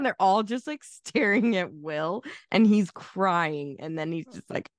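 A woman co-hosting a casual movie podcast, talking in a profane, animated way and jumping up in pitch whenever she quotes a character. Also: a little slow, hardly any pauses, no echo, studio quality. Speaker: podcast co-host.

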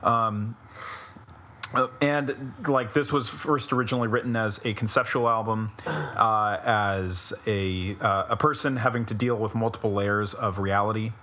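A man with a lowish, forceful voice talks casually on a music podcast. He stops and restarts often and leans on fillers. A faint hiss sits under the recording. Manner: halting, lots of fillers and restarts. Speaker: podcast co-host.

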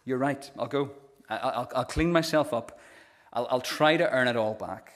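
A man's voice: mid-range voice, moderate pace, a bit bright, close to an everyday voice. A male preacher playing a remorseful younger brother who stammers and pleads for a chance to come home. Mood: resigned.

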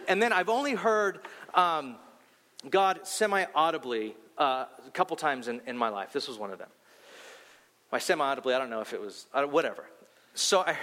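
A young adult man preaching a sermon, firing off rhetorical questions and telling a personal story, his voice climbing high as he grows heated. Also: brisk. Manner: animated storytelling, rhetorical questions, pitch rising when heated. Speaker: pastor. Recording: long hall reverb.

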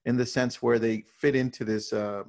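Guy with a gravelly voice, casual interview chat, energetic storyteller. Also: medium pitch, moderate pace. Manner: energetic storyteller, many "right?" tags. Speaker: real estate team leader.

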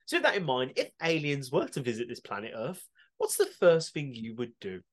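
A man's voice: mid-range voice, wildly swooping pitch, a little fast. A man co-hosting a podcast, bantering crudely and laughing as he reads out listener answers. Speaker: podcast co-host.

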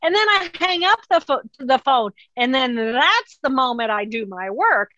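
A woman guest in an interview, explaining calmly and acting out inner voices in quotes. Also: high voice, normal speed, no echo, lo-fi sound. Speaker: author and neuroscientist guest. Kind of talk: interview conversation.

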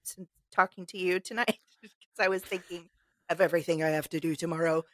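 A woman co-hosting a casual late-night podcast, chatty and giggly, guiding listeners through a calming breath. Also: lowish voice, fairly quick, dry recording, studio quality. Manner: giggly, chatty, leads calm breathing exercises. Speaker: podcast co-host.

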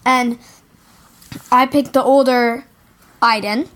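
A woman's voice: fairly high pitch, steady tone, slow, fairly bright tone. A woman co-hosting a podcast, eagerly retelling a story. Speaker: podcast co-host.

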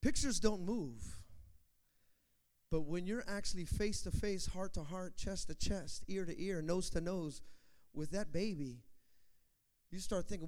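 A man's voice: sits high, normal speed, darkish tone. A man pastor preaching a sermon in a church, emphatic and repetitive, putting questions to the congregation. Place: church sanctuary. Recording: long hall reverb.

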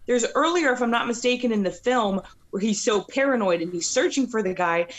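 A woman co-hosting a casual movie podcast, retelling scenes in a playful, animated way. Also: fairly high pitch, brisk.

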